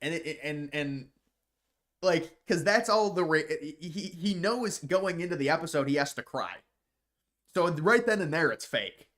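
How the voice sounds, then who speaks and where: A man's voice: on the high side, expressive, a little slow, a bit bright. Rambling man reading chat questions. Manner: rambling, repeats words when starting sentences; scornful mocking asides. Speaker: livestream host reading viewer questions. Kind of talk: casual live chat.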